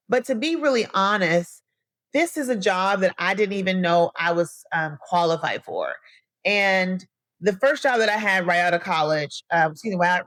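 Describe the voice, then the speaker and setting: Hosting her own podcast alone, a young Midwestern woman talks to her listeners in a lowish voice with no echo. She's chatty and animated, sharing personal stories and addressing everyone as "y'all."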